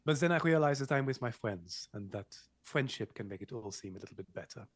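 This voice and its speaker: A man's voice: medium pitch, expressive, a little fast, no echo. A man playing a tabletop game, joking and speaking his character's actions theatrically. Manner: jokey, theatrical. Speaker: player. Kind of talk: tabletop role-play chat.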